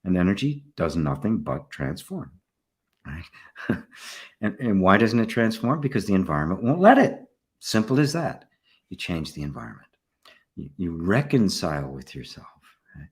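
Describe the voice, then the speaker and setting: An older man, a spiritual teacher, giving a relaxed satsang talk, often checking in with "right?" and soft laughs. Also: deep voice, normal speed. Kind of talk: satsang talk, answering questions.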